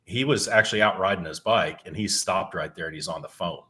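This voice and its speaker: A middle-aged man with a fairly low voice tells a story in a casual, meandering way on a podcast. He swears freely and often trips over and restarts his words. The delivery is relaxed, like he is talking from home. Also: a little fast. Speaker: podcast co-host.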